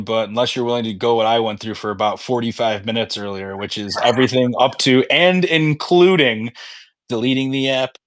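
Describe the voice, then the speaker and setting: A man's voice: medium pitch, a bit bright, no room sound. A man co-hosting a casual sports podcast, telling rambling stories full of swearing. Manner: profane, rambling storyteller. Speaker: podcast co-host.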